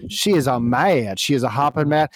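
A man's voice: medium pitch, lively intonation, normal speed, dry recording, lightly acted. A man playing an indignant, formal caller on a prank phone call who defends his dead aunt and keeps saying sir.

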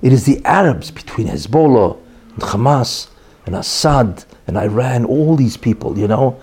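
A man's voice: medium pitch, animated, moderate pace, darkish tone, slightly rough. A man giving an opinionated monologue as a commentator, emphatic and full of rhetorical questions and repeated "you know".

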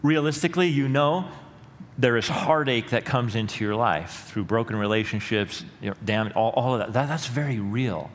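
A middle-aged male pastor preaching a sermon in a church, earnest and rising to loud emphatic peaks. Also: on the low side, moderate pace, hardly any pauses. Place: church sanctuary. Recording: long hall reverb with faint room noise.

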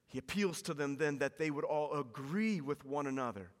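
A man's voice: fairly high pitch, animated, moderate pace, hardly any pauses, big-room sound. A man preaching a sermon as pastor, earnest and pleading, often repeating words for emphasis.

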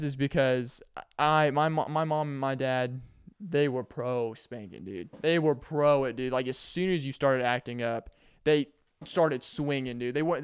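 A man's voice: on the high side, clear, resonant tone, no echo, clean studio sound. Young man rambling through funny stories. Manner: rambling, animated storytelling with laughs and put-on quotes. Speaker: podcast host. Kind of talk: casual comedic monologue.

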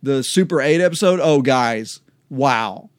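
A man's voice: mid-range voice, animated, a little slow, clear, resonant tone, no room sound, clean studio sound. A middle-aged man co-hosting a podcast, chatting casually about Bible study in a rambling way that keeps restarting its sentences. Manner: rambling, self-interrupting, laughs easily. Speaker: podcast co-host.

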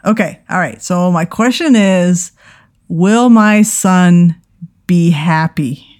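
A woman's voice: lowish voice, slow pace, a little mellow. A woman guest casually playing along, asking playful questions. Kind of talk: casual chat.

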